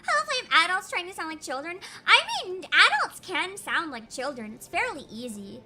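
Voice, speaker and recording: A woman's voice: very high-pitched, sing-song, moderate pace, pushed and bright. A young woman streamer chatting casually and animatedly while playing a game, laughing often. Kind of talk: casual livestream commentary.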